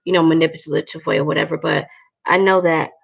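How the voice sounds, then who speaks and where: A woman vents in a casual home vlog, blunt and candid, swearing freely between her fillers. Her voice sits a bit low and is heavily gravelly with vocal fry. The recording sounds dull and lo-fi. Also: steady tone, fast. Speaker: vlogger. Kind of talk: casual talking-to-camera vlog.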